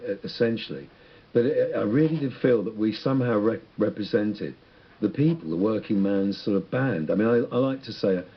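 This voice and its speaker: A husky man with a low voice speaks as a radio interview guest. He muses in a rambling, reflective way and keeps restarting his sentences. The sound is dull and lo-fi. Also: a little fast. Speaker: musician guest.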